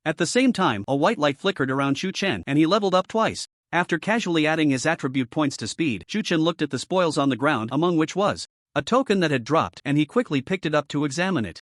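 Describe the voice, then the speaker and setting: Recap narrator, man, high-ish lively delivery, bone-dry sound. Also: fairly quick, dry recording. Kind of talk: scripted story recap narration.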